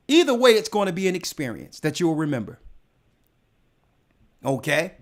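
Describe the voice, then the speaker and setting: A man's voice: sits high, sing-song, normal speed, long pauses. A man, a church elder, telling a personal testimony in casual speech, emphatic and often repeating words as he builds his point.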